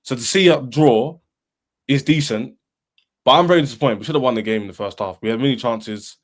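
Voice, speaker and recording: A man, a football fan panelist, arguing in an animated, emphatic way on a podcast and repeating himself. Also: mid-range voice, brisk. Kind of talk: heated football podcast debate.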